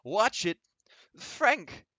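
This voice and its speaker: A man voicing an anxious middle-aged mother who fusses over her hurt son, pitched high and worried. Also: sing-song, slow, sharp tone, no room sound, lo-fi sound, heavily acted. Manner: worried, soothing.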